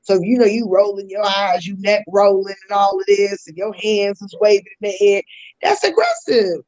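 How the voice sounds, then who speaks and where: A woman's voice: medium pitch, little pitch movement, fairly quick, a little mellow, lo-fi sound. A woman hosting a podcast, explaining communication styles in a teaching tone with casual slang asides. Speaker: podcast host.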